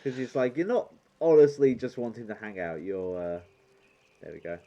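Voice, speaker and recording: A man's voice: medium pitch, very animated, moderate pace, lo-fi sound, background noise. A man narrating as game master in a tabletop game, playful and often laughing.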